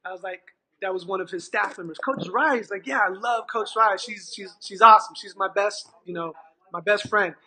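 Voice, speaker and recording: As a guest, a middle-aged Californian after-school program manager tells a story in conversation, acting out dialogue animatedly and restarting a lot. His voice is high-pitched and fairly quick.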